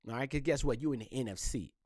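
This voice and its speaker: A man hosting a podcast, talking casually and joking in loose, animated trash talk. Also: mid-range voice, fast, dry recording, clean studio sound. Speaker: podcast host. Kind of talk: casual solo podcast rant.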